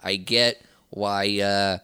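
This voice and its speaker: A man's voice: lowish voice, steady tone, extremely slow, pushed and bright, clean tone. A man co-hosting a podcast in loose, profane casual chat, rambling and laughing often. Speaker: podcast co-host.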